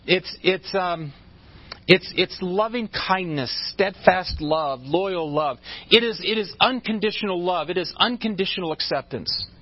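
Guy preaching, kinda high voice, chatty and stop-start, dull lo-fi church recording. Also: measured pace, breathy edge. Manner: conversational, with frequent restarts and asides; joking with the congregation. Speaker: pastor. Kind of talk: sermon.

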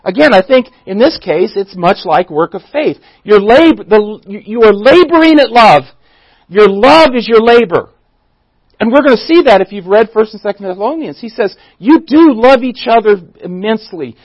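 A man's voice: high voice, expressive, moderate pace, husky, dry recording, low-quality recording. A man teaching a Bible study in a church, who asks the audience questions, restarts his sentences and leans on key words. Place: church room.

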